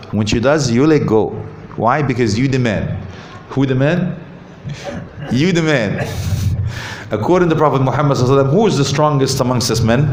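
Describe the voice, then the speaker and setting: A visiting Islamic speaker from Canada gives a lively talk on marriage in a mosque hall, asking the audience questions and cracking jokes. His voice is medium-pitched, with a little hiss or hum, and the roomy hall adds faint ambience.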